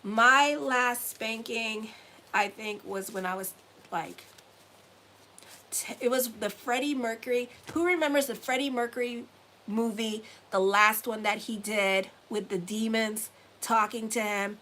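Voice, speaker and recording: Woman astrologer in her forties, slightly high voice, blunt and profane, chatty horoscope reading. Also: steady tone, measured pace, pushed and bright, a little hiss or hum. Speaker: astrologer and tarot reader. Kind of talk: casual weekly horoscope reading.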